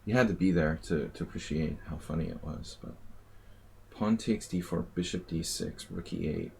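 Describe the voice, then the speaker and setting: A man's voice: deep voice, normal speed, creaky, mellow, slight background noise. A man streaming chess and thinking aloud in casual live commentary, teasing his opponent.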